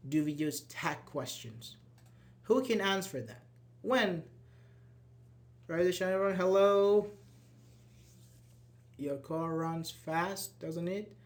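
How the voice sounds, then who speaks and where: Man, English teacher, fairly high voice, patient explaining, reads example sentences, restarts often. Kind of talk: live grammar class.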